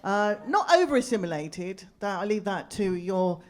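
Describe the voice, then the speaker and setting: A woman's voice: mid-range voice, animated, normal speed, noisy background. A woman performing a stand-up comedy set at a live venue, chatty and teasing the crowd with rhetorical asides.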